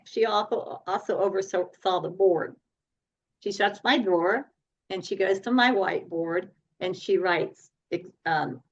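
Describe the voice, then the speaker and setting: Woman coach as podcast guest, animated storyteller; dull remote-call sound. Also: mid-range voice. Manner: animated, laughs often while telling stories.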